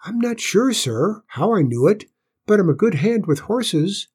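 Man voicing a squeaky stable boy, small, polite, earnest, high clear storybook voice. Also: big pitch swings, unhurried, darkish tone, heavily acted.

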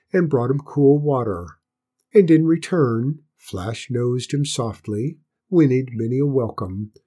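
A man gently reading a children's storybook aloud as narrator, slow and unhurried. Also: medium pitch, husky.

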